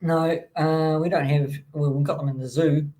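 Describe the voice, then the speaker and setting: A New man talks loosely and casually as host of a live chat show. His voice sits a touch high for a man. He rambles along with plenty of ums and false starts. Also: steady tone, normal speed, dark tone, a little hiss or hum, rough recording. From New Zealand. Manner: rambling, full of ums and restarts.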